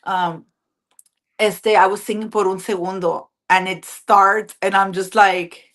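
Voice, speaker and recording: A woman guest, singer and police officer, chatting casually, animated and full of fillers. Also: medium pitch, unhurried. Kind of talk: casual interview chat.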